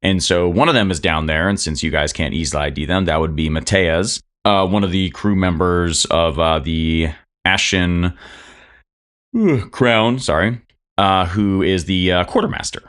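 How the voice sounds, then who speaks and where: A man's voice: low voice, moderate pace, a bit bright. A man running a tabletop game as game master, rambling with many fillers and restarts.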